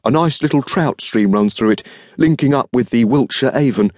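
A man's voice: mid-range voice, normal speed, darkish tone, no echo, clean studio sound, natural voice. A man voicing a refined, eager young dandy. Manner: polite, refined, eager, deferential. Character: young dandyish male art-shop assistant, eager and refined. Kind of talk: audiobook character reading.

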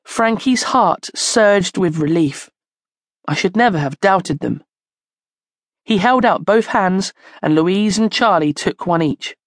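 A woman narrating a children's storybook in a slow, expressive storytelling manner, close to the mic. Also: mid-range voice, dry recording. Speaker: audiobook narrator.

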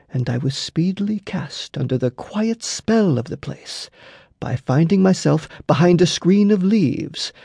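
Slow, gravelly male storyteller. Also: fairly high pitch, dark tone, dry recording. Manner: unhurried storytelling. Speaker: audiobook narrator. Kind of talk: scripted narration.

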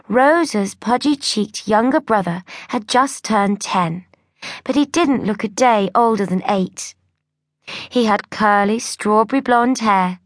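A woman narrates a children's book in a measured, gentle storytelling manner. Her voice sits fairly high and her pace is slow and deliberate. The recording is dry and close, from a studio microphone. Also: dry recording. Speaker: audiobook narrator.

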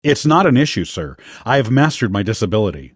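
A man's voice: lowish voice, big pitch swings, fairly quick, breathy edge, no room sound, clean studio sound. A man voicing a young male recruit who answers his boss sulkily and defensively. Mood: cold. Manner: sulky, mumbling.

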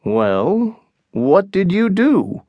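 Give me a man reading a blunt, stern colony leader in an audiobook, very slow and dry. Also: sits high, sing-song, no echo, lo-fi sound, voice pushed up, heavily acted. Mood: questioning. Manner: firm and blunt. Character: stern, commanding male English colony leader.

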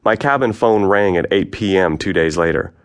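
A man with a very low voice reads his own memoir aloud for an audiobook. His storytelling is frank and matter-of-fact, with an even, unhurried delivery. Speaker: author narrating his memoir.

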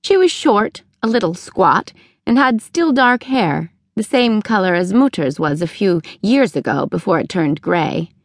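A woman reading a novel aloud in first person, with measured, clear storytelling. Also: mid-range voice, very animated, no room sound, clean studio sound. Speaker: audiobook narrator. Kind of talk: scripted first-person narration.

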